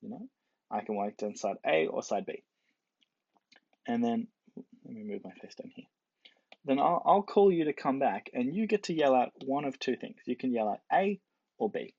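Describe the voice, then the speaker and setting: A man's voice: medium pitch, very animated, normal speed, pauses often, a little mellow, slightly rough, no echo. A man giving a casual explanatory lecture, playfully acting out the quoted characters. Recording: dull lo-fi dry recording.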